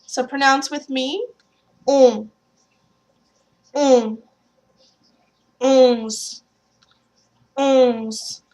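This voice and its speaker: A woman's voice: a little high, a bit bright. A woman teaching French pronunciation, modeling nasal vowels and having learners repeat drill words after her. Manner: slow, demonstrates sounds and repeats drills. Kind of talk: language lesson.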